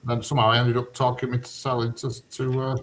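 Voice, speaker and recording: A man's voice: medium pitch, completely flat delivery, fast. A man in casual group chat, joking and bantering wryly. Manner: wry, jokey banter. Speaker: chat participant. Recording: faint background noise.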